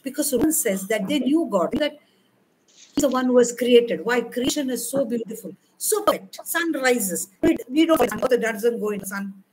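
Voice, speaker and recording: A woman's voice: a little high, lively intonation, normal speed, darkish tone, a little hiss or hum, low-quality recording. An older woman from India preaching a sermon in a conversational way, often repeating herself and acting out prayers. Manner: conversational, repeats and rephrases, quotes prayers aloud.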